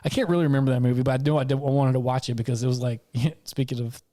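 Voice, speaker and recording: A man's voice: mid-range voice, steady tone, racing, mellow. A man in his forties co-hosting a podcast, chatting casually with jokey asides, frequent laughs and rambling restarts. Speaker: podcast co-host. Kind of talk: casual chat.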